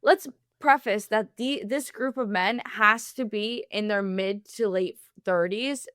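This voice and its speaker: A woman's voice: mid-range voice, unhurried, a bit bright, clear, resonant tone, no echo, clean studio sound. A woman co-hosting a casual chat, retelling events bluntly with many "like" fillers. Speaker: co-host.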